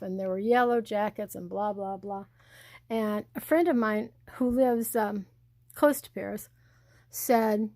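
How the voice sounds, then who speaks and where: A woman's voice: medium pitch, normal speed, mellow, no room sound, studio quality. An older woman and blogger chatting in a rambling, storytelling way while showing her home. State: hard of hearing. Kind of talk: casual home tour vlog.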